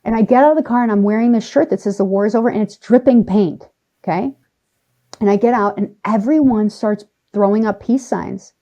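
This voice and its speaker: With a mid-range voice, a woman on a podcast shares a personal story in lively, emphatic conversation. She shifts her pace, now slower, now faster, for effect.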